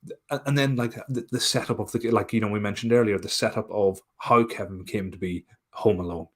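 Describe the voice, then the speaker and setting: Laughing, animated male podcast host. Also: on the low side, fairly quick. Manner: animated, laughs often, swears casually. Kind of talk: casual chat.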